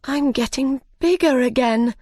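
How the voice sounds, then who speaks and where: An earnest young storybook girl, high and wondering. A woman voices her close to the mic in a dry space. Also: unhurried, warm tone, no room sound.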